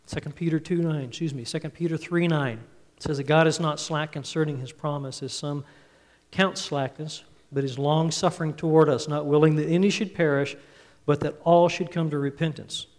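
A man preaching a Father's Day sermon, earnest and storytelling, his phrases trailing off softly. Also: fairly high pitch, steady tone, moderate pace. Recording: reverberant hall, speaker a bit off-mic.

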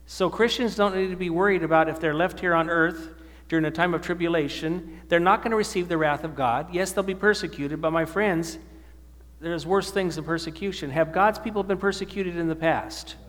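A man preaches a sermon in a slightly high voice, pausing to put questions to his listeners and answer them. His voice rings out with a long reverb tail, the sound of a hall. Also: a bit bright. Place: church or meeting hall with an audience.

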